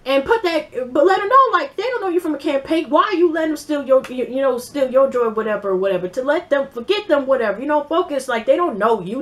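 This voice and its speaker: A woman reviewing a reality show in a casual vlog, rambling bluntly with profanity and many fillers. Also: sits high.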